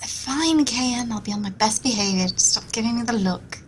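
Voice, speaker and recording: A woman's voice: fairly high pitch, moderate pace, slight background noise. A woman playing a tabletop game, bantering in character in a playful, cheeky way. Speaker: player.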